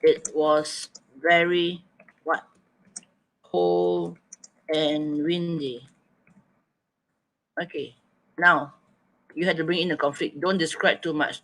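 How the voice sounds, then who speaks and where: A man leads an online writing lesson, prompting students to answer in the chat. He thinks out loud and reads their suggestions back to them. His voice sits a little high for a man. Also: poor audio. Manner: coaxing, thinking aloud, repeating students' answers. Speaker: teacher.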